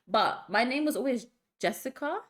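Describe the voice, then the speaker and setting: A woman's voice: on the high side, lively intonation, a bit bright. Chatty young woman on a podcast. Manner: chatty, laughs often, fast asides. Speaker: podcast co-host. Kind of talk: casual chat.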